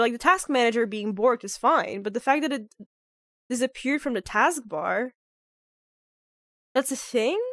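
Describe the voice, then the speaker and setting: A fairly high-voiced woman chats with her stream while playing, her voice nasal and stuffed up from being sick. She rambles in an animated way, leaning on fillers. The sound is dry, with no room around it. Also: dry recording. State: sick, nasal with a clogged nose. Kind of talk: casual live-stream chat.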